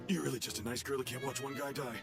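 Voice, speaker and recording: An actor voicing a cocky, tough young male swordsman in an English anime dub, gruff and quick to yell. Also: medium pitch, lightly acted. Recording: anime dub clip over loud music.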